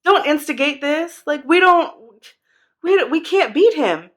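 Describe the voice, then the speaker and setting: A woman's voice: high voice, animated, unhurried, pitched above the performer's own voice. A woman voicing an irritated older brother, a young soldier who scolds in slang. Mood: angry.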